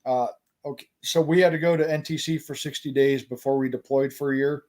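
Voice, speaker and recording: A man's voice: mid-range voice, steady tone, brisk, a little mellow. A man hosting a casual podcast chat, speaking bluntly and explaining army terms with plenty of swearing.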